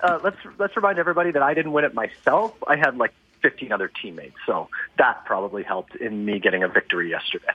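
A man's voice: mid-range voice, fast, few pauses, husky, dry recording. A man co-hosting a morning radio show, chatting casually and joking with easy laughs. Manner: easygoing, joking, laughs often. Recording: tinny phone-line sound.

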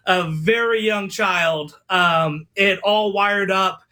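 A man in his forties, a former sports mascot, telling animated stories as a guest on a radio talk show. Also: sits high, slow pace. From United States. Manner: animated storyteller, acts out quotes. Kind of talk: casual radio interview storytelling.

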